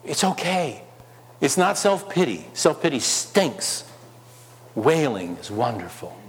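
A man preaching a sermon, firing off rhetorical questions and swinging between loud urgency and quiet asides. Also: medium pitch, sing-song, slow pace. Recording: long hall reverb.

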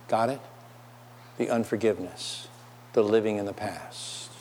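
A man's voice: medium pitch, a little mellow. A man preaching a sermon in a church, asking his listeners rhetorical questions. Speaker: pastor. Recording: long hall reverb.

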